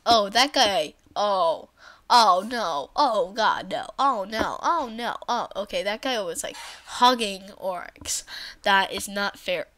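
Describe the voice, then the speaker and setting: Brief: unhurried woman gamer, silly rambling commentary, whispered asides. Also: mid-range voice. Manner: bursts into excited shrieks. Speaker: let's play commentator. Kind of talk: gameplay commentary.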